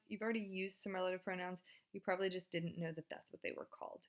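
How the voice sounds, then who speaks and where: Chatty woman teaching a recorded lesson. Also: mid-range voice. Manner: casual, chatty and encouraging, with fillers. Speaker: Spanish teacher.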